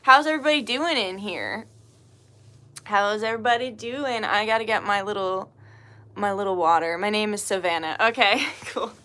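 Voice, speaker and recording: A woman hosts a spiritual live stream in a bright, sharp-edged voice. She speaks informally, reads viewers' names aloud and drops plenty of "um"s, and her prayers come out soft and hushed. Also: mid-range voice, normal speed. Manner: greets chat viewers, laughs easily, fills with um. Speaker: spiritual reader and livestream host. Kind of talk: casual live-stream chat with opening prayer.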